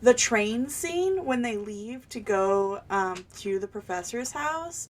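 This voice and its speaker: A woman's voice: on the high side, animated, slow pace. A young adult woman co-hosting a podcast in casual chat, giving blunt, candid opinions with a joking edge. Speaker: podcast co-host.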